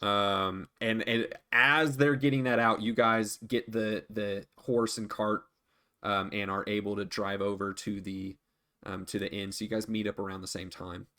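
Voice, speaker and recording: A man serving as dungeon master for a tabletop game, talking in a loose, relaxed way. He fills his narration with ums and uhs and breaks into laughter often. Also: fairly low pitch, moderate pace.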